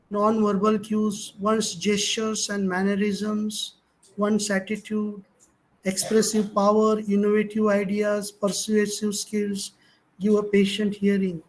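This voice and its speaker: A man's voice: sits high, poor audio. A middle-aged man with an Indian English accent giving a motivational lecture to college students, emphatic and shifting his tone to show stress. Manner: emphatic, varies tone to demonstrate stress.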